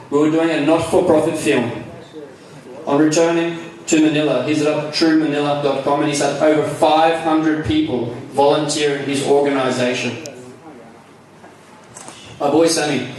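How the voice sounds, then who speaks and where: A man's voice: fairly high pitch, a little hiss or hum. An Australian man giving a chatty, enthusiastic live talk at a conference, joking about himself as he goes. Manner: chatty, self-deprecating, enthusiastic. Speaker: speaker. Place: large hall. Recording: echoey hall, mic from far off.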